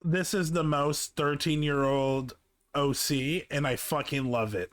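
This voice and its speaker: A man's voice: fairly high pitch, fairly even intonation, a little slow, dry recording. A man streaming live, chatting casually over a video with candid, profane asides and many fillers. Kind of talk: casual chat.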